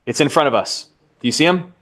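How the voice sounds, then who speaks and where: A man's voice: a little high, fairly bright tone. A man teaching a live real estate licensing class, stretching out key terms and quizzing the class. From United States. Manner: drawn-out emphasis on key terms, asks the class questions.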